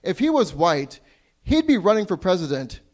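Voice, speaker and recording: A young man from Canada does stand-up at an open mic in a small club, with a high voice. His delivery is crude and self-deprecating, and he stumbles over and restarts his own jokes. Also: very animated, moderate pace, a little mellow. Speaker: stand-up comedian. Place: small comedy club stage.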